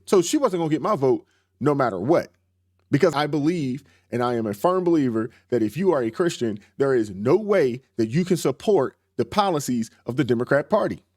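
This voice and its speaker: A man's voice: on the high side, darkish tone, dry recording. Emphatic, preacherly man, dry close sound. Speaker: reaction channel host. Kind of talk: commentary on a played clip.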